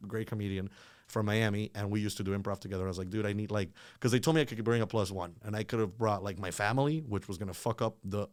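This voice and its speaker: A man's voice: on the low side, smooth, dry recording, clean studio sound. A man telling a story casually as a podcast guest, rambling with lots of filler words.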